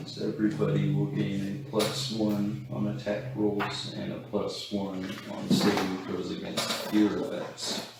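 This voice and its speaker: Low-voiced guy slowly reading spell rules at a d&d table, hissy recording. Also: monotone, vocal fry. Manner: slow, deliberate, reading out rules. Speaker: player. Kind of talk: casual tabletop play. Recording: echoey room, far from the mic, hiss.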